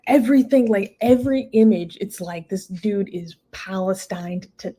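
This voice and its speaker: A woman's voice: medium pitch, moderate pace, warm tone. A woman co-hosting a casual talk show, exasperated and emphatic, with laughing asides. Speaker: co-host. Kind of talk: casual chat.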